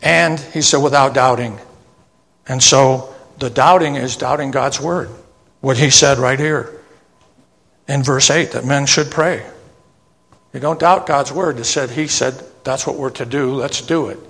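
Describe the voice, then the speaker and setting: A man preaching a sermon, reading old scripture verses slowly and then explaining them in plain asides that end with "okay?". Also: medium pitch, gravelly, a bit bright. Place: church sanctuary. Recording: long church reverb.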